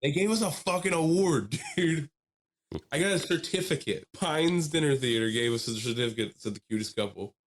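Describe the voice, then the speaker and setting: Animated man telling a story on a podcast. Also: on the high side, brisk. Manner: animated storyteller, laughs while telling, mimics people he quotes. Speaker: podcast co-host. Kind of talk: casual storytelling chat.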